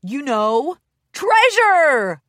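A woman's voice: sits high, sing-song, measured pace, a bit bright, no room sound, studio quality, voice pushed up, full character voice. A woman voicing a proud, goofy father pony who tries to sound like a pirate in a storybook reading. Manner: proud, boastful.

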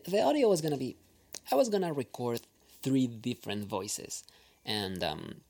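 A man with a Spanish accent whose first language is Spanish, an audio creator talking in a casual, reflective monologue, hesitant and full of pauses, sometimes dropping to a near-whisper. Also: lowish voice. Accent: Spanish-speaking.

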